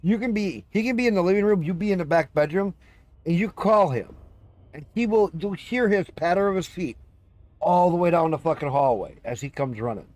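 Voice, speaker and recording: A man's voice: high voice, expressive, brisk, darkish tone, no room sound. A man streaming live, chatting casually and telling long rambling stories about his pets, swearing freely and slipping into little meows. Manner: rambling, swears freely, breaks into cat and dog impressions. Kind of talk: casual chat.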